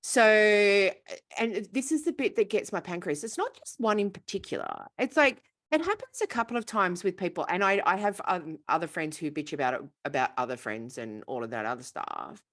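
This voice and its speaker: Animated woman co-host, exasperated casual venting, wide swings in pitch. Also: brisk. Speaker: podcast co-host. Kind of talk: casual chat.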